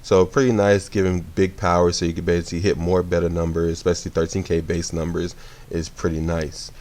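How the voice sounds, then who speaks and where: Low-voiced sleepy young man. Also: a little fast. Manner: relaxed, rambling, self-correcting. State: sleepy, yawning. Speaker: card game streamer. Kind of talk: casual gameplay commentary.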